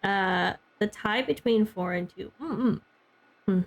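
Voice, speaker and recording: A woman's voice: mid-range voice, slow. A young woman streaming a game, chatting casually with her chat and peppering her talk with "like" and little laughs. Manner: chatty, heavy use of "like", frequent laughs.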